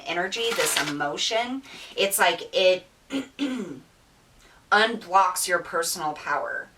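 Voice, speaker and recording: A woman's voice: lowish voice, sharp tone, distant mic, a little hiss or hum, rough recording. A woman giving an earnest, emotional tarot reading, with many fillers and restarts and near tears. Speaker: tarot reader. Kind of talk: spiritual tarot reading monologue.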